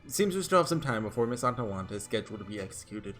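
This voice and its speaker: A man voicing a calm, precise gentleman detective who speaks in measured, formal diction. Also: mid-range voice, faint music behind.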